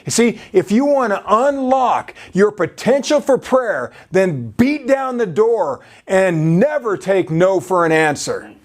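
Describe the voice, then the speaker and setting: A man's voice: high-pitched, very animated, takes it slowly, few pauses. A male preacher delivering a sermon, peppering his talk with "you see" and frequent restarts.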